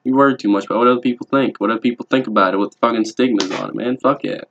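A young man with a drawl talks quickly, his voice sitting on the low side. He rambles bluntly and swears constantly in a laid-back vlog monologue. The audio is dull and lo-fi, like a cheap home video. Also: steady tone, vocal fry, fairly bright tone, a little hiss or hum. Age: young adult. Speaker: vlogger. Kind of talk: casual vlog monologue showing his tattoos.

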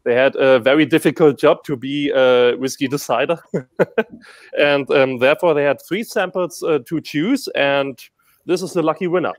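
A man's voice: fairly high pitch, moderate pace, no echo. A German man speaking English with a German accent, enthusiastically presenting a whisky at a tasting from a whisky shop. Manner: laughs often, enthusiastic. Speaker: whisky ambassador.

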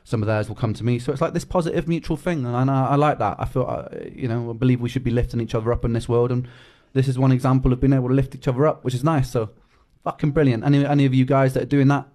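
A man's voice: medium pitch, fairly even intonation, fast talker, hardly any pauses, dark tone. A young man talking casually to fans on a live stream, emotional and close to tears, swearing and repeating himself. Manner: emotional, swears, repeats words, says mate and bro. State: tearful.

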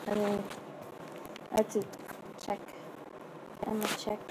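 A woman's voice: medium pitch, completely flat delivery, a little slow. A young woman chatting casually on a live stream while she animates, rambling and self-deprecating. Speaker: animator streaming her work. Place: home, seated at a computer. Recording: noisy home live-stream audio.

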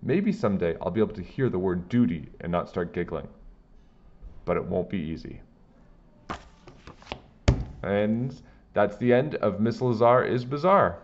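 A man with a low voice reads a children's book aloud in plain, steady storytelling. His pitch moves in lively swings. The recording sounds dull and lo-fi. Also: a little slow, long pauses.

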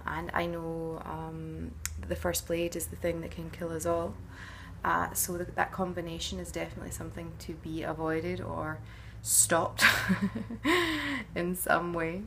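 Gravelly, lowish-voiced actress musing casually. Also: female voice, a bit bright, slight background noise. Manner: chatty and musing, with frequent hesitations. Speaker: actress answering fan questions. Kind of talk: casual fan Q&A to camera.

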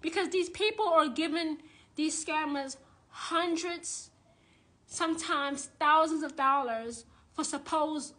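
Blunt, high-voiced woman ranting live. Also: slow, a bit bright. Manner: blunt, profane and indignant; repeats phrases for emphasis. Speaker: witch and tarot reader. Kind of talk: live-streamed rant.

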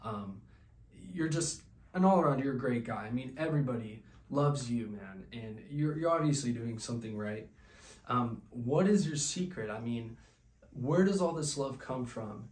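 A man hosting a comedy podcast sketch who rambles through his questions with stammers and lots of ums. His voice sits at a middle pitch. The room around him rings with echo. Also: lively intonation, normal speed, darkish tone. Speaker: podcast host.

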